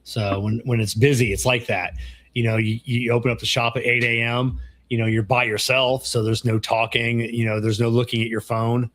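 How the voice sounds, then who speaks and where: A middle-aged man co-hosting a podcast in casual chat, telling stories with lively acted-out dialogue and free swearing. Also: mid-range voice, moderate pace. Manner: animated storyteller, acts out quoted dialogue, swears freely. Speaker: podcast co-host.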